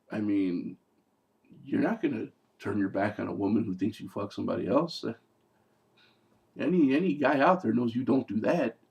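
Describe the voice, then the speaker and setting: A man's voice: mid-range voice, creaky, a little mellow. A man reviewing a movie in casual talk, sarcastic and profane, with rambling asides.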